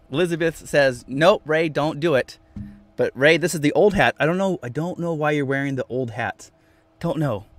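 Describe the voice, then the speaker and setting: A man hosting a casual live stream from inside his van, reading viewer comments aloud and repeating phrases playfully. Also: medium pitch. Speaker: vanlife livestream host.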